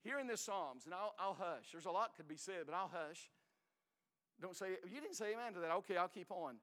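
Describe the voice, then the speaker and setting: An older man preaching a sermon in a folksy, emphatic way, swinging between loud and hushed. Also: high voice, lively intonation, fairly quick, in a large hall.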